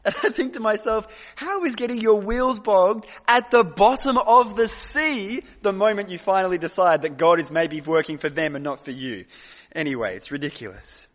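Male pastor, high voice, emphatic sermon delivery with long pauses; dull recording, long hall reverb. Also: animated, a bit bright. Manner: emphatic, dramatic pauses and repetition.

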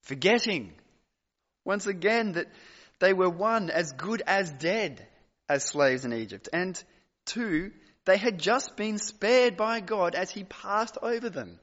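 Male pastor, high voice, emphatic sermon delivery with long pauses; dull recording, long hall reverb. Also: animated, fairly bright tone. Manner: emphatic, dramatic pauses and repetition.

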